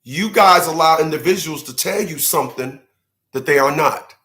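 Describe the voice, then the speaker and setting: A man hosting an animated opinion monologue, emphatic, acting out little mock dialogues and laughing at his own jokes. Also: a little high, moderate pace, echoey room. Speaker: commentary show host. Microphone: livestream setup.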